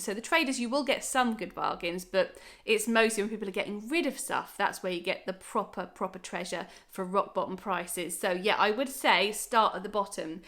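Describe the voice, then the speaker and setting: This vlogger, a woman in her thirties with a Norfolk English accent, gives a bubbly, casual chat to camera, often saying "right" and "um". Her voice sits mid-range and carries a slight brightness.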